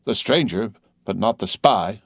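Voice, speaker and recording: A man voicing a crafty, persuasive male war chief who speaks in slow, measured, flattering oratory. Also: lowish voice, gravelly, no echo, clean studio sound, full character voice.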